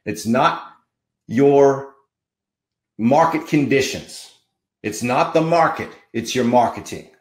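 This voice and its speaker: A man's voice: medium pitch, slow pace, long pauses, reverberant. A man hosting a podcast, giving an emphatic, fired-up motivational monologue with punchy repetition. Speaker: podcast host.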